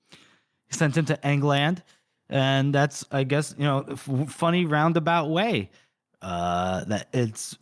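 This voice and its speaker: A man co-hosting a podcast, casually retelling a book's chapter with lots of fillers and quoted dialogue. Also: mid-range voice. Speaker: podcast co-host. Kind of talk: casual book recap.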